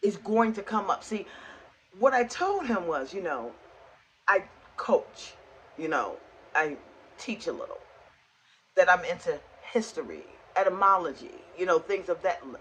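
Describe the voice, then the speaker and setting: A woman vlogging in a casual rant, spinning a story with lively back-and-forth dialogue. Her voice is bright and forceful, with plenty of push behind it. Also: lowish voice, a little slow, pauses often, a little hiss or hum, poor audio. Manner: animated, acts out both sides of conversations.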